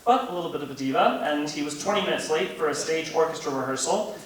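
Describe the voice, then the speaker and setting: A young man from Canada, an opera singer, telling stories in an animated interview manner. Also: on the high side, fast talker. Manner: animated storyteller who laughs while telling anecdotes. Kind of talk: conversational interview. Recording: echoey room with faint hiss.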